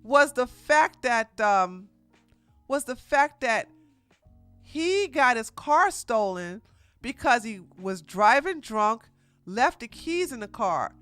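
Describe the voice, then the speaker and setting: A woman hosts a casual commentary stream, reacting with animated mockery and laughter. Her voice is bright and sharp, and she takes her time. It sits close and dry, with faint music behind. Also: on the high side, takes it slowly, clear, resonant tone, dry recording. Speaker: commentary host.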